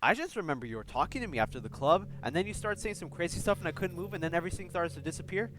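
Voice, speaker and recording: A man's voice: high voice, animated, rapid-fire. A man voicing a bewildered, angry young male student from a visual novel, speaking in a confrontational way. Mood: confused.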